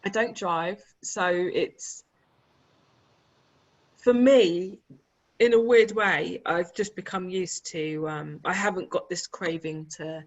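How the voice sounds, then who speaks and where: A woman, a guest telling lively anecdotes in a casual interview chat. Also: medium pitch, slow, muffled recording. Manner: animated, laughing, chatty anecdotes. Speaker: guest, author and publisher. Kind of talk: casual conversational storytelling.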